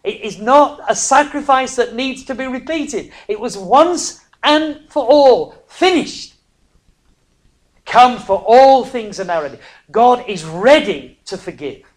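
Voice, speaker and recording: A preacher, giving a sermon that swings from hushed near-whispers to loud, emphatic cries, broken by chatty, self-mocking asides. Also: mid-range voice. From northern England.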